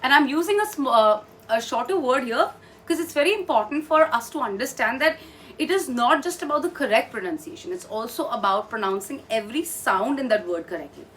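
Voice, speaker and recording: Female trainer, higher voice, calm step-by-step explainer; mic a little distant, faint background noise. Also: a little fast. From India. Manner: patient, explains step by step, repeats words for practice. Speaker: English pronunciation trainer. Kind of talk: online pronunciation lesson.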